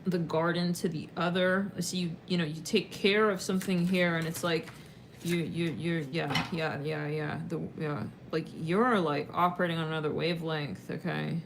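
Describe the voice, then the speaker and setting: A woman's voice: low voice, steady tone, moderate pace, a little hiss or hum. A woman giving a casual tarot reading, rambling and slangy, with lots of filler words and casual swearing. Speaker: tarot reader.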